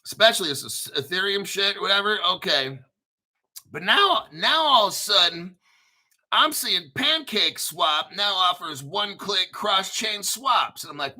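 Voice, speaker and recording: Profane hyped American man, bright voice. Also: high voice, expressive, a little slow. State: throat clearing, using a cough drop. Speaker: crypto channel host. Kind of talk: casual video commentary reading an article.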